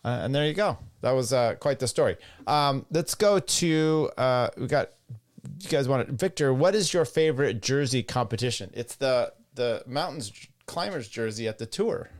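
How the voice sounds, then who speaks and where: A man's voice: mid-range voice, animated, moderate pace. A middle-aged man hosting a cycling podcast, rambling bluntly in casual solo commentary and reading listener comments aloud.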